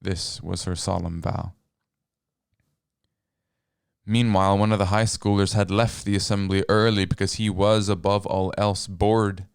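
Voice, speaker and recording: Male narrator, scripted narration, wry, deadpan, smooth, gravelly. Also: sits low, normal speed, dry recording, clean studio sound.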